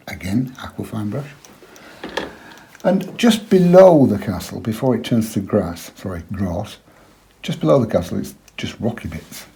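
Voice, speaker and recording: Male painting tutor, low and warm, chatty, murmurs while he works, faint hiss. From England. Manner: quiet, chatty, drops to a murmur while working. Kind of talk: relaxed painting demonstration.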